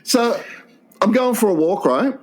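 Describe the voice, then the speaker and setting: A man's voice: sits high, animated, unhurried. A man co-hosting a crude comedy podcast, swearing constantly and acting out the voices in his stories. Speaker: podcast co-host.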